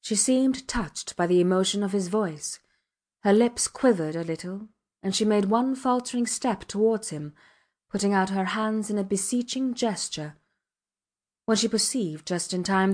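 Woman narrating an old novel, steady measured reading, audiobook. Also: mid-range voice. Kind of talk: scripted narration.

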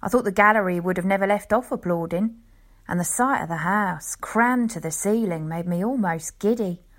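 A woman voicing an old male lion tamer who tells a rambling, folksy tale in an unhurried way, as in a storybook reading. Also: mid-range voice, close to an everyday voice.

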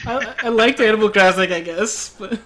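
A man's voice: sits high, normal speed, sharp tone. A man co-hosting a podcast in casual chat, talking in a hesitant, self-deprecating way. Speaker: podcast co-host.

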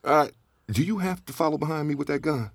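A man's voice: fairly high pitch, lively intonation, brisk, creaky, no room sound. An actor playing a down-on-his-luck divorced father, talkative and wisecracking, often laughing. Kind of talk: radio drama acting.

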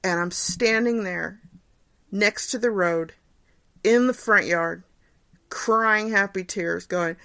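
This podcast host, a woman in her forties, sits alone at her home recording setup, answering questions in a chatty, self-deprecating way with frequent laughter. She speaks slowly and pauses often, in a mid-range, creaky voice with a fairly bright tone. The recording is dry.

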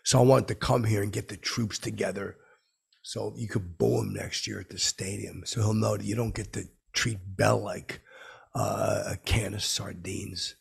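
A man's voice: lowish voice, steady tone, normal speed, vocal fry, husky. A man hosting a comedy podcast, telling a rambling, boastful story as a clueless character.

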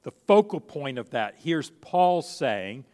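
Conversational preaching man, slightly high voice. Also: very animated, slow pace, a little mellow, long reverb tail. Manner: conversational preaching with frequent restarts and acted-out quotes. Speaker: pastor. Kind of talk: sermon.

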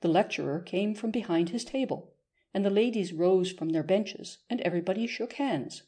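A woman narrating a classic novel as an audiobook reader, in a measured storytelling manner. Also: medium pitch, dark tone, slightly rough. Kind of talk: scripted narration.

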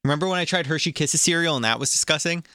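A man's voice: fairly high pitch, rapid-fire, pushed and bright, clean tone, no room sound, clean studio sound. A man co-hosting a casual cereal review show, joking, teasing and complaining. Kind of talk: casual chat.

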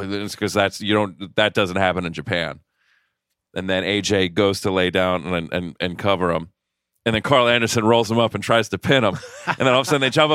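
A man co-hosting a casual podcast chat who tells excitable, rambling stories and often laughs. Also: sits low, brisk, clear, resonant tone, no echo, studio quality. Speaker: podcast co-host.

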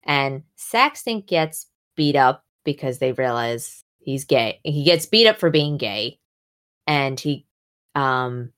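A young woman chatting casually about books, animated and full of fillers, jumping up in pitch when she acts out quotes. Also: slow, smooth. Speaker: podcast co-host discussing books. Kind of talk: casual chat.

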